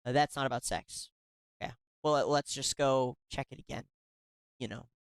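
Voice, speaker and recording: A sarcastic, indignant host talks through a commentary segment, reacting to emails they read aloud. The voice sits at a middling pitch and often stumbles and restarts mid-sentence. It is recorded dry and close, with no room sound at all. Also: steady tone, normal speed, smooth, no room sound.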